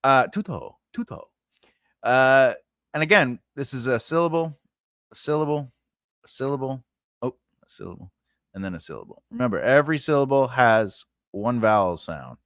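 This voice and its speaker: A man's voice: mid-range voice, sing-song, normal speed, fairly bright tone, dry recording, clean studio sound. A man giving a casual lesson on building grammar for invented languages, rambling and correcting himself, often checking in with "right?". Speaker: writing teacher.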